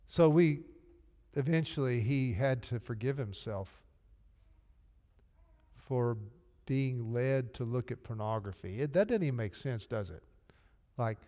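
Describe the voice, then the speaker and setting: A male pastor delivers a sermon with earnest, emotional sincerity. His voice sits at an everyday middle pitch. The recording carries the long, lingering reverb of a church sanctuary. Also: expressive, unhurried, long pauses, dark tone. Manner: earnest, emotional storytelling preacher.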